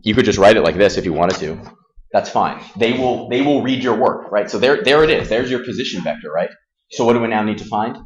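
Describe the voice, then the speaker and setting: A man teaching a calculus class in a classroom, casual and self-deprecating, firing quick questions at his students. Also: fairly low pitch, expressive, lo-fi sound, a little hiss or hum. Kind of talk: classroom math lesson.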